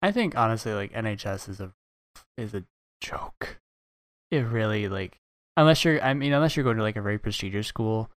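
A man's voice: lowish voice, expressive, brisk, no echo, clean studio sound. A young man hosting a podcast, telling stories casually and animatedly with many fillers. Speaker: podcast host. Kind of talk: casual chat.

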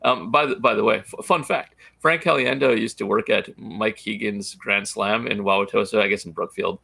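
Gravelly bright-voiced man, blunt. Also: lowish voice, normal speed, dry recording. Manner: blunt, opinionated, with many um and uh fillers. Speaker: podcast co-host. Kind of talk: casual baseball chat.

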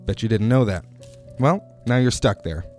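A man's voice: lowish voice, lively intonation, normal speed, a little mellow, soft background music. A man rambling through a comic monologue, digressing wryly and asking the listener questions.

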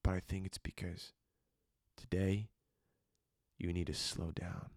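A man preaching a quiet devotional sermon, speaking slowly and deliberately and often sinking into a whisper. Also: low-pitched, flat delivery, dry recording, studio quality.

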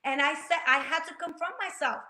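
A woman tells her faith story with a preacher's passion, her voice high and bright. Her words ring in an echoey room. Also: brisk. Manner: passionate, preacher-like, acts out quotes. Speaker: guest sharing testimony. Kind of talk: faith-based talk show conversation.

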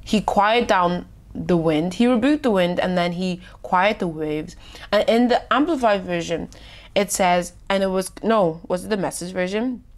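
A woman giving an informal Bible reflection. She talks casually with many fillers, acts out the scenes, and often drops to a hushed voice. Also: on the low side, unhurried. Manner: expressive, acts out the scripture scenes. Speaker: devotional podcast host.

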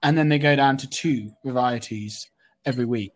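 A man's voice: medium pitch, normal speed. A man co-hosting a podcast over a video call, rambling and amused in casual chat. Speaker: podcast co-host.

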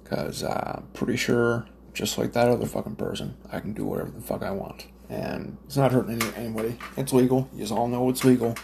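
Gravelly, swearing man ranting. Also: medium pitch, steady tone, brisk, few pauses, a little mellow, a little hiss or hum. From Nova Scotia, Canada. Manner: profane, rambling, lots of fillers and restarts. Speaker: smoker telling stories. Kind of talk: casual ranting monologue.

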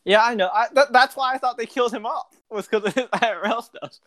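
A young man co-hosting a casual podcast, rambling through quick scene recaps with quoted lines. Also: very high voice, a bit bright. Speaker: podcast co-host. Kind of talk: casual chat about a TV show.

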